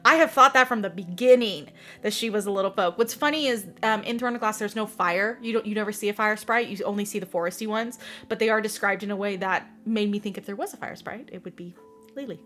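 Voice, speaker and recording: A young adult woman hosting a casual book podcast. She talks in an animated way, laughs often and acts out scenes as she tells them. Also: mid-range voice, fast, soft background music. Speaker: podcast host. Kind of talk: casual chat about books.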